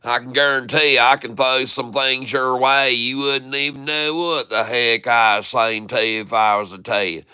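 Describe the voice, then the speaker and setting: A folksy, drawling rural Southern man, put on by a man with a thick Southern accent spins tall talk in a bright, forceful voice. The tone is crisp and smooth, recorded dry and close. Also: medium pitch, steady tone, moderate pace, few pauses, no room sound.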